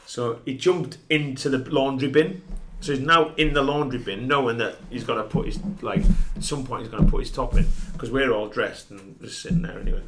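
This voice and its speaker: A man's voice: medium pitch, a little fast, hardly any pauses, fairly bright tone, a little hiss or hum. A man, a podcast guest telling a long, sweary dressing-room story and laughing often as he goes. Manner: laughs through his stories, sweary. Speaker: podcast guest, former footballer. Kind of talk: casual anecdote telling.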